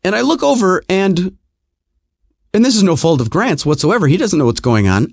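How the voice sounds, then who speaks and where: A middle-aged man tells a comic story with mounting exasperation, mocking himself as he goes. His pitch sits slightly high and swings widely. The recording is dry, with no room echo. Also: normal speed, gravelly. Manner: exasperated, animated, self-mocking. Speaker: podcast host telling a story.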